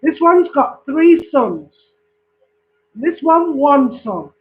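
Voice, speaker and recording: A man's voice: extremely high pitch, sing-song. A man telling a long joke casually, repeating himself and checking that his listeners follow. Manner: slow, repetitive storytelling with check-ins. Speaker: joke teller. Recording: tinny phone-like recording.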